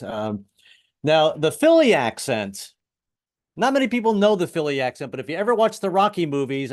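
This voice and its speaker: A man in his fifties doing a self-deprecating stand-up routine over a video call, with wry punchlines and stammered restarts. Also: on the high side. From US, moved around incl. the South. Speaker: stand-up comedian.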